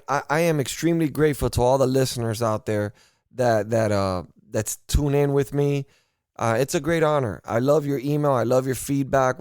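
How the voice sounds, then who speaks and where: Smooth-voiced blunt podcast host man. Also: mid-range voice, darkish tone, no room sound, clean studio sound. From Miami, United States. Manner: blunt, unfiltered and profane. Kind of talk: casual political podcast talk.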